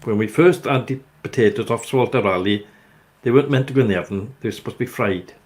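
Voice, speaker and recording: A man's voice: medium pitch, fast talker. Rambling older Welsh man. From Wales. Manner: rambling, jokey storytelling. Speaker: host. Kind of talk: casual chat.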